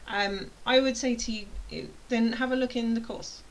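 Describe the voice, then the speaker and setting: A woman's voice: a little high, fairly quick, hardly any pauses, rough recording. A British woman teaching an online course, talking casually in a rambling, playful way that keeps interrupting itself. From United Kingdom. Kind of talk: casual chatty explainer.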